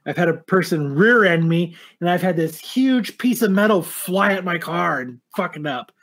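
A man's voice: high voice, normal speed. A man telling a story in casual chat, swearing often and acting out the people in it. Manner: profane, animated anecdote telling.

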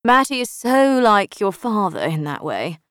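Brief: a woman reading as a tart, crisp older mother in a storybook, dry close sound. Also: mid-range voice, big pitch swings, a little slow, a bit bright, no echo. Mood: tart, matter-of-fact. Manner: crisp, matter-of-fact, faintly reproachful. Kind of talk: audiobook character voice.

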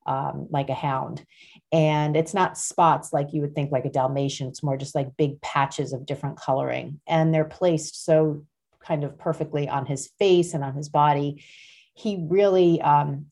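A woman's voice: low-pitched, dark tone. A woman hosting her own podcast, talking casually in a rambling way with many fillers and restarts. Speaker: podcast host. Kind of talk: casual personal chat.

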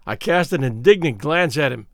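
Male audiobook narrator, lively intonation, fairly high voice, dry studio sound. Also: moderate pace, no room sound. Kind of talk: scripted first-person narration.

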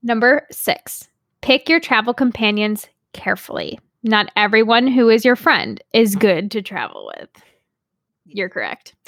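A young woman co-hosts a casual podcast chat, telling stories with frequent laughs. Her voice sits a little high and sounds bright and forceful. The sound is close and dry. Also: sing-song, unhurried, dry recording. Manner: chatty storyteller, laughs often. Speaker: podcast co-host.

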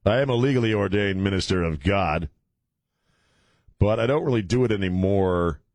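A middle-aged man hosts a radio talk show, his voice low and the studio sound dry and close. He talks in a blunt, sarcastic way and rambles from point to point. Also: lively intonation, normal speed, darkish tone, dry recording. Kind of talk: opinionated talk radio chat. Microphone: studio microphone.

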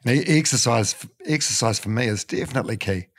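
A man's voice: mid-range voice, fast talker. A middle-aged man, hosting a casual interview and talking frankly, with the odd swear word. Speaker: podcast host.

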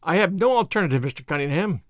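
A man voicing an excitable Victorian police inspector who speaks in raised, urgent bursts. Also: on the high side, quick pace, no room sound, clean studio sound.

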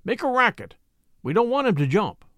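A man voicing a gruff, bold Western ranger who barks orders with raised, emphatic delivery in an audiobook reading. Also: high-pitched, sing-song, measured pace, fairly bright tone, no echo, full character voice. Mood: commanding.

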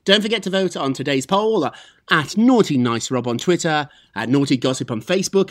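A man hosting a celebrity gossip show, chatting in a lively, animated way. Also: a little high, moderate pace. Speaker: host.

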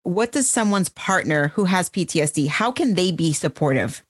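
A woman's voice: lowish voice, animated, moderate pace, husky, no room sound. A woman hosting a podcast and chatting in a friendly, easy-going way. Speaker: podcast host. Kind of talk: casual podcast conversation.

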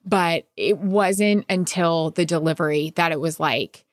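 Woman, lowish voice, dry close sound, heartfelt animated storytelling, casual podcast chat. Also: measured pace, dry recording. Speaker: guest.

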